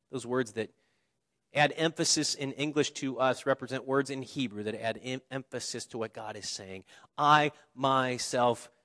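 A man preaching a sermon, repeating key phrases slowly and letting his voice fall quiet at the ends of lines. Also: mid-range voice. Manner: preaching with slow emphatic repetitions and dramatic drops in volume. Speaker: pastor. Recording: long reverb of a large hall.

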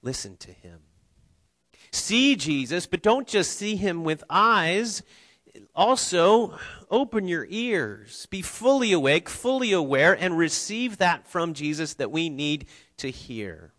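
Earnest man preaching, slightly high voice. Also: expressive, slow, a bit bright, no room sound. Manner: earnest, conversational preaching with restarts and light humor. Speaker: pastor. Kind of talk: sermon. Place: church sanctuary.

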